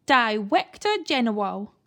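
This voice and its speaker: A woman's voice: fairly high pitch, very animated, a little slow, fairly bright tone, exaggerated voice. A woman voicing a stiff, pompous, very posh male zoo director who says W for R. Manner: achingly posh, R's come out as W's.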